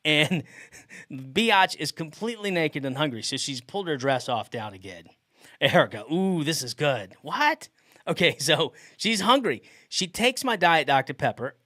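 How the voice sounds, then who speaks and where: A man's voice: on the high side, sing-song, normal speed, pushed and bright, no echo, studio quality. A middle-aged man hosting a podcast, telling a story in a casual way and often laughing mid-sentence. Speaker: podcast host.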